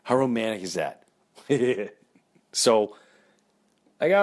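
Animated man telling comic stories. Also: fairly low pitch, unhurried, pauses often. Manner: animated, exasperated, acts out voices. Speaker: comedian, podcast host. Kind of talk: comic storytelling.

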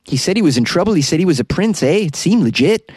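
A man's voice: high-pitched, very animated, darkish tone, breathy edge, dry recording, studio quality, voice pushed up, exaggerated voice. A man voicing a gullible, cheerful Canadian in an exaggerated mock Canadian accent, ending his sentences with "eh". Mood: gullible, folksy. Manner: tags sentences with a drawn-out "eh", sing-song.

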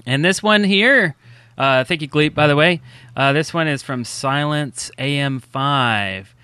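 A male podcast co-host in casual chat who keeps asking questions. His voice is bright and smooth, and the sound is dry. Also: on the high side, measured pace, no room sound. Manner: chatty, asks questions.

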